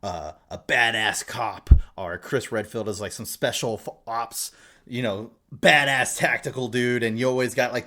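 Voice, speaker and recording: Profane, excitable man recounting a game. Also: medium pitch. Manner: excited, profane storytelling with lots of fillers. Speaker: podcast co-host. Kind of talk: casual chat.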